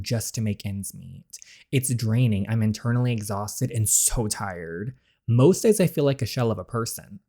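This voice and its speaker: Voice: medium pitch, dark tone, close to an everyday voice. A streamer reading the lines of a tired, hardworking young Southern woman who bakes, in an earnest first-person storybook style.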